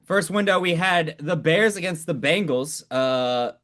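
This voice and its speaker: A man's voice: on the high side, expressive, a little slow, fairly bright tone. A man co-hosting a sports podcast, talking in a laid-back, casual way with frequent swearing and laughter. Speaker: podcast co-host.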